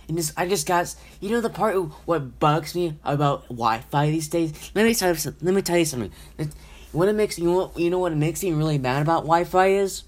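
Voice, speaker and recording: Rambling, profane solo podcaster. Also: medium pitch. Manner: rambling, repetitive, profane, restarts sentences often. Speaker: podcast host. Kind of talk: casual solo rant and storytelling.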